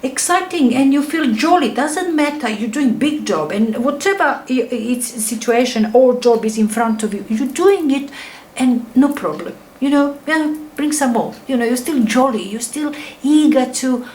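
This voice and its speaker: A woman's voice: high-pitched, expressive, normal speed, darkish tone, rough recording. Rambling middle-aged woman reading tarot. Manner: enthusiastic, rambling, often trailing into a near whisper; non-native English phrasing. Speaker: tarot reader. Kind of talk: casual tarot reading to camera.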